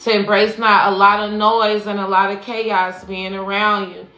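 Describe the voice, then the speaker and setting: A woman's voice: mid-range voice, little pitch movement, moderate pace, bright, forceful tone. A woman spiritual coach giving a casual, profane livestream tarot reading, preaching and calling her listeners baby. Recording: echoey room with faint music.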